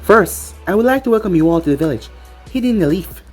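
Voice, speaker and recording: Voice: mid-range voice, lively intonation, quick pace, husky, faint music behind. A reader voicing a commanding female village leader who speaks formally. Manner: formal and authoritative.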